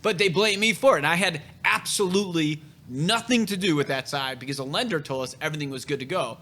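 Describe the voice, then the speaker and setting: A man's voice: fairly high pitch, fast, bright, forceful tone. A man hosting a casual podcast chat, telling real estate stories in a blunt, profane way.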